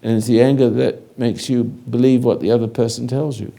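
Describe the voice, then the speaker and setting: Gravelly, dark-voiced older man teaching. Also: mid-range voice, flat delivery. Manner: slow, halting, commanding, speaks directly to a listener. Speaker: spiritual teacher. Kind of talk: guided spiritual lecture.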